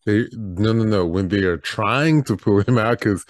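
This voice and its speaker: A woman's voice: rumbling low, measured pace, no echo. A woman co-hosting a podcast, chiming in with short remarks and questions during a casual recap chat. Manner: brief interjections and questions, laughing along. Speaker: podcast co-host.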